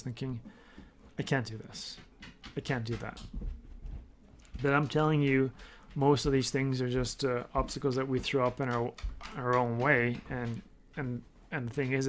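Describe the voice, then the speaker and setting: Man, triathlon coach, casual podcast storytelling, gravelly voice, faint background hiss. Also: medium pitch. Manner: storytelling, acting out quoted dialogue. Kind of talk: casual solo podcast talk.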